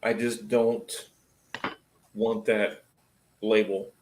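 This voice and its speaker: A man's voice: on the low side, little pitch movement, very slow, a little mellow, echoey room. A man who works as an auto technician, hosting a casual live stream and talking bluntly and profanely about shop work.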